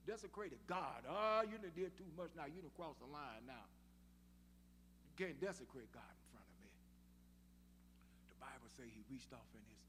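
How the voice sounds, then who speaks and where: A pastor leads a call-and-response sermon in the sanctuary, acting out a Bible story in voices. His voice is a little high and fairly bright. There's slight background noise, and the live church sound rings with long reverb.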